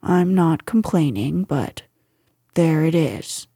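A woman's voice: sits low, very slow, dark tone, husky, no room sound, clean studio sound, voice pushed down, exaggerated voice. A woman voicing a gloomy old gray male donkey in a storybook, talking in a mournful, self-pitying way.

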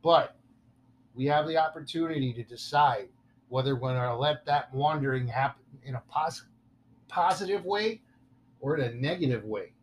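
A man's voice: mid-range voice, moderate pace, slight background noise. A man hosting a casual podcast, joking and stumbling over his words now and then. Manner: playful, self-deprecating, stumbles over words. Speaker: podcast host.

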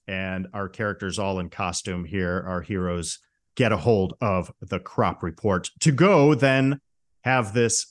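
A man hosting a podcast, casually recapping a comedy film plot in an amused, chatty way. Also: deep voice. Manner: chatty, amused retelling with brief quoted impressions. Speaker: podcast host.

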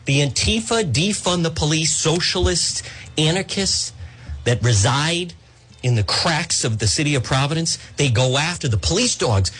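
A male talk-radio host rants in an excitable, fired-up way. His husky voice leaps up and down in pitch, and he keeps stumbling over his own words before pushing on. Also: moderate pace. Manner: excitable, ranting, repeats words and trails off. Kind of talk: opinionated talk radio monologue.

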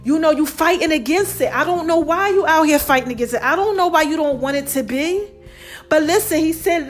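High voiced lady doing her own motivational vlog, keeps calling folks baby, repeats herself to make a point. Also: lively intonation, brisk, faint music behind. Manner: affectionate, calls listeners "baby" and "y'all"; preachy, repeats phrases for emphasis. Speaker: host of her own online show. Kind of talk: casual motivational talk to viewers.

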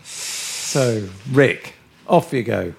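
A man's voice: medium pitch, expressive, drawn-out words, creaky, slight background noise. A man hosting a podcast, teasing his co-hosts in casual chat. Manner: teasing, jokey, laughs often. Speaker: podcast host.

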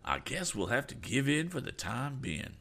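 A man's voice: mid-range voice, big pitch swings, moderate pace, gravelly, bright, forceful tone, pitched above the performer's own voice, heavily acted. A man voicing a cautious middle-aged male companion who sounds resigned and doubtful.

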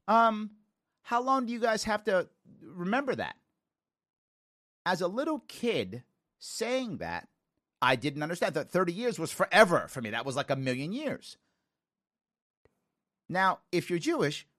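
Animated male talk show host. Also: on the high side, no echo, studio quality. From New York (the Bronx). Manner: animated storytelling with quoted voices.

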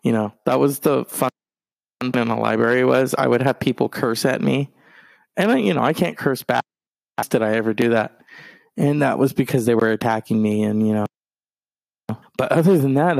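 A man's voice: mid-range voice, creaky, a little mellow, no room sound. A man hosting a podcast, rambling casually through anecdotes in a loose storytelling way. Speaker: podcast host. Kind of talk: casual monologue.

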